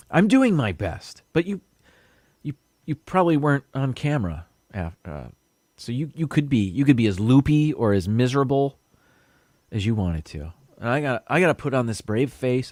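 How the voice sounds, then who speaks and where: A man's voice: mid-range voice, very animated, normal speed, darkish tone, no echo. A man hosting a casual live stream, rambling a little as he reads viewer comments and stumbles over unfamiliar words.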